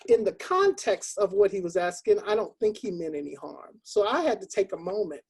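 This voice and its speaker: An older woman, a choral music professor, telling a personal story on a video call, halting and earnest with many ums. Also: medium pitch, very animated, darkish tone, slightly rough.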